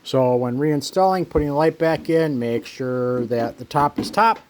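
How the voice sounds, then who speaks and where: A man casually talking through a motorcycle headlight swap, relaxed and plain-spoken, thinking aloud as he works with his hands. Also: fairly high pitch, moderate pace, a little hiss or hum. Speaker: motorcycle owner showing a repair. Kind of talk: casual how-to narration.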